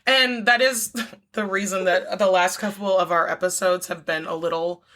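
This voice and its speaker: A woman co-hosting a podcast in casual chat, upbeat and joking with quick asides. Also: lowish voice, fairly even intonation, bright, forceful tone. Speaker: podcast co-host.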